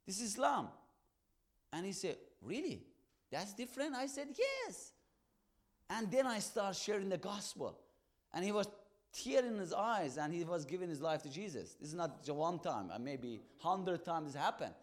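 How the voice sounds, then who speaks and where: Guy with a pretty high voice telling his testimony, acts out the back and forth, broken-ish english, gets loud in spots. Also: animated. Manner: emphatic, acts out both sides of dialogues; halting non-native English phrasing. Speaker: evangelist. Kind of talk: testimony storytelling.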